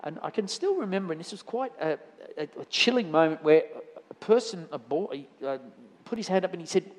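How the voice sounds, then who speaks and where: A man's voice: sits high, big pitch swings, a little fast. A man giving a conversational sermon in church, telling anecdotes with frequent restarts. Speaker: lay preacher. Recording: church hall reverb.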